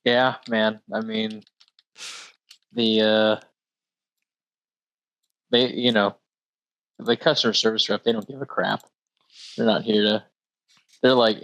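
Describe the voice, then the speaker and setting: A man co-hosting a casual podcast, talking in a relaxed way and mocking corporate replies. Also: lowish voice, slow pace, pauses often, low-quality recording. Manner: relaxed, laughs along, mocks corporate replies. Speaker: podcast co-host. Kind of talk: casual conversation.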